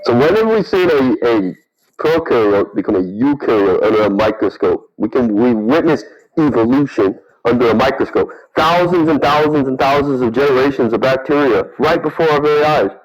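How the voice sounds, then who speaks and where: A man's voice: medium pitch, expressive, fairly quick, poor audio. A man in a casual online debate, repeating challenging questions again and again. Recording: audio chat room.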